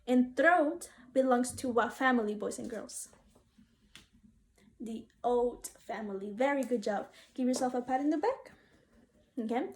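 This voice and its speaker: A woman teaching a phonics lesson to young children, saying each word twice slowly and inviting them to repeat it. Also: on the high side. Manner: slow, clearly sounded-out words with call-and-response prompts.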